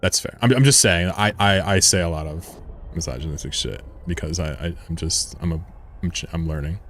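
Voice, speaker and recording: A man's voice: low voice, fairly quick, a bit bright, a little hiss or hum. A man streaming a game, chatting casually with his audience in a rambling, profane way and chuckling often. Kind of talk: casual live-stream commentary.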